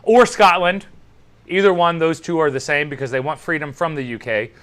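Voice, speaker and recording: A young man from the United States hosting a casual podcast and reading out live chat, animated and swearing freely, with loud laughs. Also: on the high side, a little fast. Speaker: podcast host.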